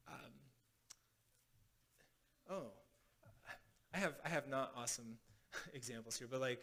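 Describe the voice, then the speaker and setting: A man's voice: a little high, expressive, moderate pace, long pauses, a bit bright. A man preaching as pastor in a casual teaching style, often restarting phrases and checking in with "right?". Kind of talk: sermon teaching. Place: congregation hall.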